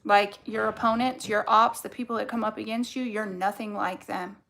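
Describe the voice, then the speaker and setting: A woman's voice: mid-range voice, steady tone, moderate pace, vocal fry, fairly bright tone. A young adult woman giving a casual tarot card reading, blunt and fired up, swearing heavily as she talks.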